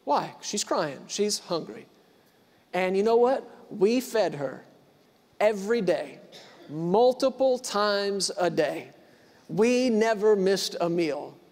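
A man in his thirties preaches with a notably high voice, hammering home repeated lines and rising from hushed to loud. The sound rings with the long reverb of a big hall. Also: animated, slow. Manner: emphatic repetition, swings from quiet to loud. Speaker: pastor. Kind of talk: sermon. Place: church hall.

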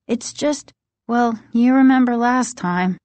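A woman's voice: on the high side, takes it slowly, a little mellow, no echo, pitched above the performer's own voice. A woman voicing an anxious, protective older sister in a storybook reading, giving urgent, worried warnings.

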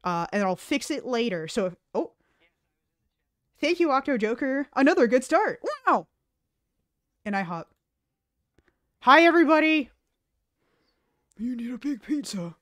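A woman's voice: high voice, very animated, unhurried, pauses often, dry recording, clean studio sound. A young woman streaming, chatting casually with friends and often laughing as she talks. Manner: giggly, chatty, breaks into laughter.

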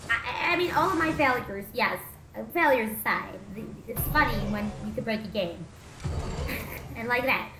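A young woman hosting a casual gameplay commentary, rambling and excitable, with bursts of shouting and laughter. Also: a little high, normal speed, noisy background. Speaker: VTuber gameplay host. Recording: roomy echo with game music behind.

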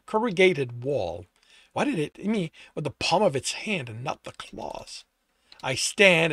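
A man's voice: medium pitch, fairly bright tone, dry recording, studio quality. A man reading his own novel aloud in first person, stopping to correct and reread his slips. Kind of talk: first-person audiobook narration.

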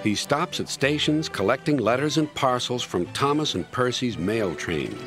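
A man narrating a children's train story in a steady storytelling voice. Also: medium pitch, moderate pace. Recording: narration over clear music.

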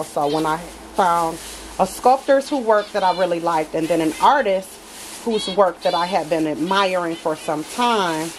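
In a rough recording with slight background noise, a woman with a lowish voice unboxes a doll for her viewers from a home nursery. As a reborn doll collector vlogger, she chats casually, gushes with affection, and addresses her audience as y'all again and again.

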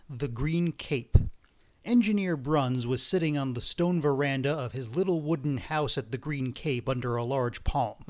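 A man reading a classic novel aloud as an audiobook narrator, in a measured, unhurried way. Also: mid-range voice. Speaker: audiobook reader.

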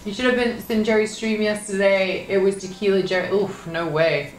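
A woman's voice: medium pitch, fairly even intonation, normal speed, roomy sound, a little hiss or hum. A young woman streaming live, reading her chat aloud with swearing and lots of laughter. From United Kingdom.

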